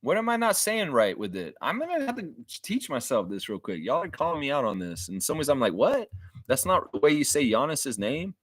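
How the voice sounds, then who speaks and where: A man's voice: mid-range voice, big pitch swings, a little fast, no room sound. A man hosting a casual sports fan livestream, rambling and self-mocking, often repeating his words. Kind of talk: casual live-stream chat.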